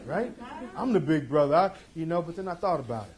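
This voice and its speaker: A middle-aged man telling a tense personal story in an intense, emphatic way, moving between loud passages and hushed ones. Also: a little high, animated, fairly quick. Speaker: speaker. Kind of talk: dramatic storytelling talk.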